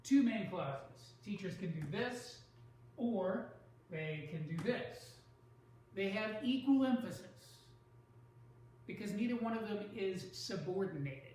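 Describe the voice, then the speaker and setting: A man teaching a recorded online writing lesson, explaining step by step in a measured way and leaning on key words. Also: high-pitched, expressive, a little mellow, heavy reverb, recorded from a distance, slight background noise, rough recording.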